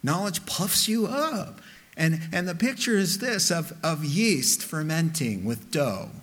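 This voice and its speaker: A middle-aged male pastor preaching a sermon with a bright, fairly high voice. He speaks slowly and deliberately. He turns animated as he acts out the people he quotes.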